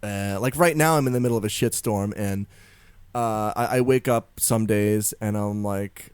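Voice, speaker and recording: A man co-hosting a podcast in casual chat, animated and self-deprecating, jumping between low mutters and high exclamations. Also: moderate pace, clean tone, no room sound. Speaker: podcast co-host.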